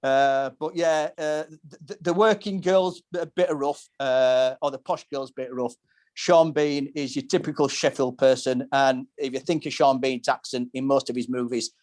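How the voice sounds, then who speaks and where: A man's voice: medium pitch, darkish tone. A man hosting a casual podcast, telling long descriptive stories with many restarts. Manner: rambling, descriptive storytelling with frequent restarts. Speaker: podcast host. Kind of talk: casual pub-talk podcast.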